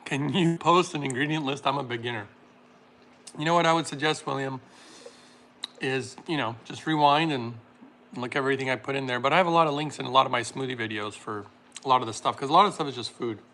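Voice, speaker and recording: A man hosting a casual livestream, reading chat comments aloud and laughing often while making a smoothie. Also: mid-range voice, fast, pushed and bright, slight background noise.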